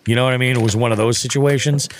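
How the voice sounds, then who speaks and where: A young man on a podcast rattles off a fishing story very fast in a medium-pitched voice, with slight noise in the background. The telling is casual and animated, full of swearing and acted-out quotes.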